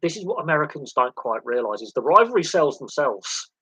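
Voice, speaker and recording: Bright-voiced man, rambling. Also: on the high side, sing-song, a little fast, slightly rough, rough recording. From England. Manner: rambling, opinionated, jumps between examples. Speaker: sports livestream host. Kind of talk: casual livestream chat.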